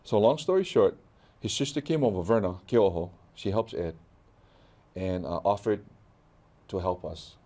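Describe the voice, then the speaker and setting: A fairly low, warm voice, expressive and at a moderate pace with long pauses, belongs to a middle-aged guest artist from Hawaii. He animatedly tells stories in a casual interview in his Hawaiian accent, acting out the dialogue.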